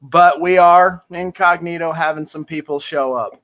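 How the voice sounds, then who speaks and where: Bright, earnest man hosting a recovery livestream. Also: a little high, fairly even intonation, normal speed. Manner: enthusiastic, earnest, jokey. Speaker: livestream host of a recovery community. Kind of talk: casual livestream chat.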